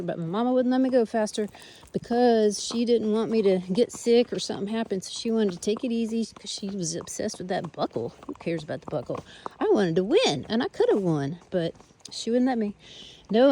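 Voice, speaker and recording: A woman's voice: mid-range voice, warm tone, lightly acted. A woman voicing her older male Arabian horse, a cheeky, stubborn character who rambles and teases in a put-on Southern drawl. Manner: chatty, rambling, teasing drawl. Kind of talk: casual in-character monologue. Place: outdoors on a trail.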